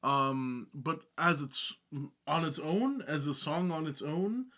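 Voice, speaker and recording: A man co-hosting a music reaction video, talking hesitantly, with halting restarts and fillers. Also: fairly high pitch, pushed and bright. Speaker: reaction channel co-host. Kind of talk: casual reaction chat.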